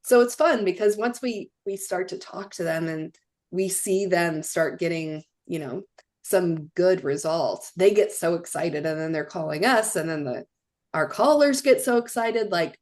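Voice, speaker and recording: A woman's voice: fairly low pitch, unhurried, darkish tone. A woman consultant and guest in a casual live-stream interview. She talks in a chatty, enthusiastic way, full of "like"s.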